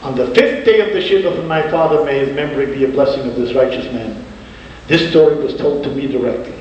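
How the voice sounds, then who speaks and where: A rabbi telling stories in a sermon, earnest, slowing down with dramatic pauses. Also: male voice, mid-range voice, a little mellow, a little hiss or hum. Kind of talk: emotional storytelling sermon. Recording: distant, dull echoey hall.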